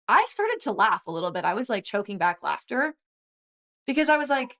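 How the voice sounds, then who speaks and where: A woman in her twenties, a guest and former college swimmer, telling a story in animated casual conversation with quick asides. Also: a little high. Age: 20s.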